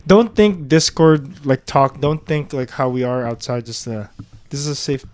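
A young man co-hosts a podcast, talking casually with a middle-pitched voice. He coaxes the others with supportive, nudging questions and plenty of "you know". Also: moderate pace, a little mellow, dry recording. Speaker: podcast co-host. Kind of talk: casual chat.

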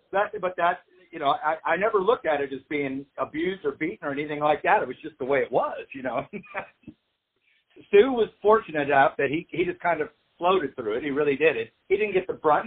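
A husky older man speaks frankly about his upbringing, filling his sentences with "you know". His voice is a bit high for a man. The audio is thin and tinny, like a phone call. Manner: frank and plain-spoken, leans on "you know". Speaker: interviewee. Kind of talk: casual spoken recollection.

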